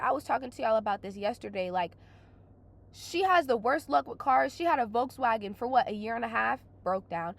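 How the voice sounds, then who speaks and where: Exasperated young woman ranting, gravelly. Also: fairly high pitch. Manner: venting, exasperated, swears a lot. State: hoarse from crying. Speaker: vlogger. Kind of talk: casual storytelling rant.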